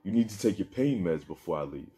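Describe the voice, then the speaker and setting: Anxious scheming young woman, hesitant and pleading, deep dark voice, as a man reads her. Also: expressive, quick pace. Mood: matter-of-fact.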